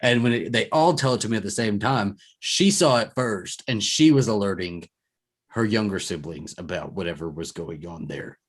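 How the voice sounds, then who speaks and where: Rambling low-voiced male podcast host. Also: moderate pace. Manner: rambling, with frequent fillers and self-corrections. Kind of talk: casual chat, reading listener stories aloud.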